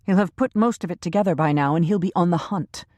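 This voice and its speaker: A woman's voice: on the low side, quick pace, dry recording, lightly acted. Woman voicing a cruel, commanding villainess. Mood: harsh. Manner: sharp, sarcastic, commanding. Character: scheming ruthless woman boss, imperious and cruel. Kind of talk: audiobook character reading.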